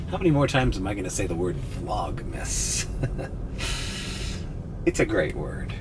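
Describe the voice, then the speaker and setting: A man's voice: deep voice, big pitch swings, slow pace, heavy background noise. A man vlogging casually from inside his car as a rideshare driver, rambling, swearing and laughing a lot. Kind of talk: casual vlog while driving.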